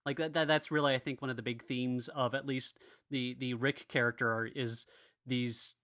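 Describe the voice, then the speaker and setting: A man's voice: mid-range voice, steady tone, normal speed, bright, forceful tone, no echo, studio quality. A man co-hosting a podcast, talking in a rambling, casual way with frequent restarts and laughter. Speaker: podcast co-host.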